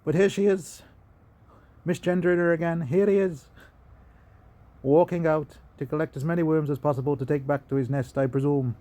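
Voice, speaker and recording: A chatty, playful Irish fellow, as a man puts on the accent, rattling along with little repeated asides. His voice sits a touch high but stays mellow and soft-edged. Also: fairly even intonation, normal speed, close to an everyday voice. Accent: put-on Irish. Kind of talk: casual commentary over video.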